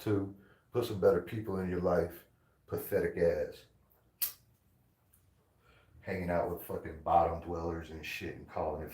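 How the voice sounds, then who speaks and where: A man's voice: low voice, darkish tone, roomy sound, low-quality recording. A man ranting angrily at a commenter, insulting and aggressive, repeating himself. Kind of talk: angry profane rant.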